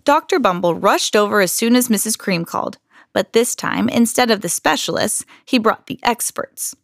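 A woman reads a children's story aloud with animated, expressive storytelling and pitch that swings lively up and down. There is a faint gravelly texture in her voice. The sound is close and dry. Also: normal speed, no echo. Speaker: podcast host reading aloud.

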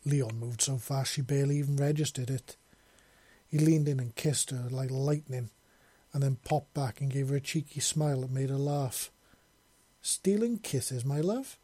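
A man narrating a romance story as an audiobook, steady, with small self-corrections. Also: medium pitch, moderate pace, breathy edge, no echo.

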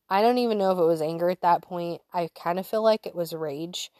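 Chatty lower-voiced woman, candid. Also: moderate pace, no room sound, clean studio sound. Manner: chatty and candid, laughs easily, drops to soft whispers when reliving thoughts. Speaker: Christian mother sharing a faith story. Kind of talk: casual personal testimony to an audience.

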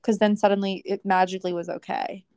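A woman's mid-range voice, creaky, a little mellow, and clean-toned, comes across flat in delivery at a quick pace on a dry recording. She co-hosts a podcast, ranting through stories in casual chat, quoting people and laughing frequently.

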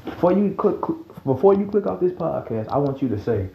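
A fired-up man ranting into his podcast, foul-mouthed and worked up. His voice sits a bit high, with a gravelly edge, and leaps all over the place. The sound is roomy and dull, like a lo-fi home setup. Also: sing-song, brisk, a little hiss or hum. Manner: heated, profane, swings from low mutters to high yells. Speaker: podcast host. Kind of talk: casual podcast rant.

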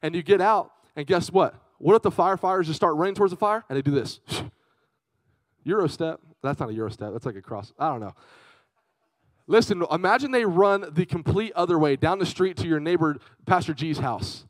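A young man preaching a lively youth sermon, telling stories with big swings from loud to hushed. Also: fairly high pitch, normal speed, dry recording, poor audio. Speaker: youth pastor.

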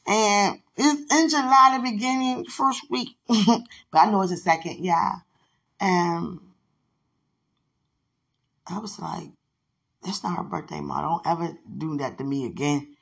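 A woman's voice: mid-range voice, expressive, unhurried, pauses often, husky. A woman host talking casually in a podcast monologue, telling chatty stories. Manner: chatty storytelling with laughs and sudden shouts.

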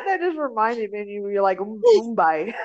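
A woman's voice: fairly high pitch, muffled recording. A young adult woman co-hosting a podcast in casual chat, giggling often as she talks. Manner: giggly, slow, laughs often. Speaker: podcast co-host.

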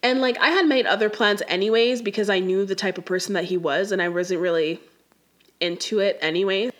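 A woman's voice: mid-range voice, steady tone, fairly quick. Exasperated young woman ranting casually. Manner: exasperated, slangy, talks straight to the viewer. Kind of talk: casual storytime rant.

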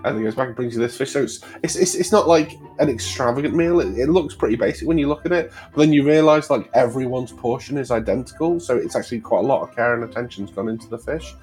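A man's voice: medium pitch, quick pace, hardly any pauses, darkish tone, faint music behind. A man narrating as game master of a tabletop game, rambling with frequent restarts. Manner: rambling, many fillers and restarts.

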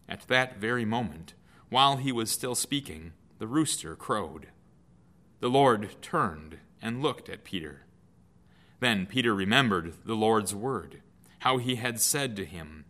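A man reading a Bible passage aloud in a measured, clear way, as a lesson. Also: lowish voice, lively intonation, bright, forceful tone. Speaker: scripture reader. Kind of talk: scripted scripture reading.

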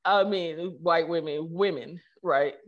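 Animated woman telling a story. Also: on the low side, slow, dull audio. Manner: animated storyteller, many fillers, acts out quotes. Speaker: guest, tech company co-founder. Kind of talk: casual conversational interview.

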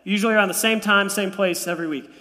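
Bright high-voiced man preaching in a reverberant hall. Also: racing. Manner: animated storytelling with playful asides. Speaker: pastor. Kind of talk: sermon. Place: church sanctuary. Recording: long reverb of a church hall.

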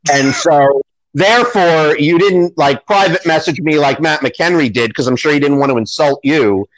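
This male podcast co-host has a voice on the high side and a moderate pace, captured with poor audio. In casual conversation he's sarcastic and self-deprecating, acting out others' words.

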